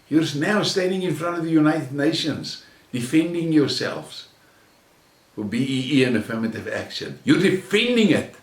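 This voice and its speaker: Profane South African man ranting in a roomy room. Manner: profane, mocking and contemptuous, swings between shouting and low sneering. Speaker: channel host. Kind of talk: angry ranting monologue. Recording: roomy echo, mic at a distance.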